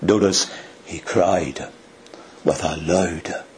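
Slow, low-voiced male preacher. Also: steady tone, darkish tone, slight background noise. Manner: dramatic, slow and emphatic with sudden rises in pitch. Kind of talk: sermon.

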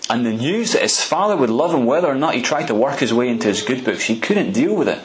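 A man's voice: medium pitch, big pitch swings, fast, slight background noise, poor audio. A man preaching a storytelling sermon in a conversational way, often restarting and repeating words.

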